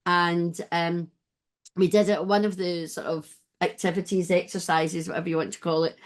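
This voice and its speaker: A woman hosting an interview podcast, chatting in a rambling, warm way with many restarts. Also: on the low side, flat delivery, moderate pace. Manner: warm, rambling, gets emotional and laughs. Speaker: podcast host. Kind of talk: casual interview chat.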